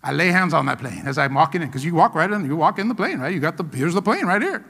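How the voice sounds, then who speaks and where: A man's voice: fairly high pitch, very animated, fast, gravelly, a bit bright, slightly rough, big-room sound. A pastor preaching a sermon, emphatic and calling out to his congregation for answers. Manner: emphatic call-and-response preaching.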